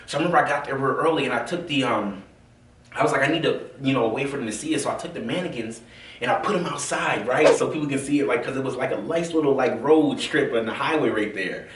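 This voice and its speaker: A man from the American South telling his own story in a casual, animated way, full of fillers and acted-out quotes. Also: medium pitch, quick pace, a little hiss or hum. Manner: animated, acts out quoted voices, many fillers. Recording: roomy, from a distance.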